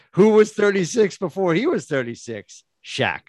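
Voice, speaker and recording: A man's voice: high voice, darkish tone, no room sound. A man, co-hosting a casual sports podcast in a home studio, talking in long rambling tangents full of filler words. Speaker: podcast co-host. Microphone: studio podcast mic.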